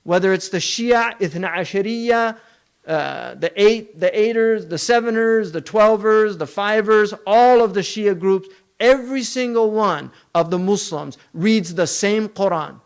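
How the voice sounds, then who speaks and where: Man, lecture, emphatic, rhetorical questions, higher-pitched. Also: a little slow, clear, resonant tone. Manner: emphatic, rhetorical questions, long spoken lists. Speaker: Islamic scholar lecturing.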